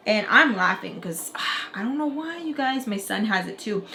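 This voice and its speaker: A woman's voice: on the high side, moderate pace, few pauses, a little hiss or hum. A young adult woman telling a casual storytime vlog, chatty, full of "like" fillers, acting out quotes. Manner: chatty, heavy "like" fillers, animated quoting. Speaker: storytelling vlogger.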